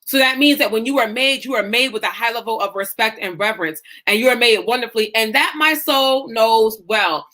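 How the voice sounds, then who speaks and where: Fairly quick and hardly pausing, this woman's slightly high voice is bright and forceful. As a faith-based life coach, she preaches emphatically and passionately to her group, voicing quoted self-talk.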